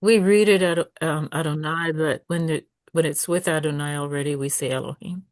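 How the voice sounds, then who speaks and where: A woman's voice: low-pitched, steady tone, moderate pace, dry recording. A woman student reading aloud in an online class, hesitant and correcting herself as she goes, over a video call. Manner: hesitant, repeating and correcting words. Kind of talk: halting read-aloud in class.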